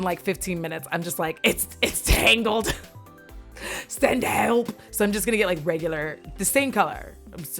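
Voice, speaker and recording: A young woman recapping a movie in a casual, rambling chat, swearing and wandering off on tangents. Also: lowish voice.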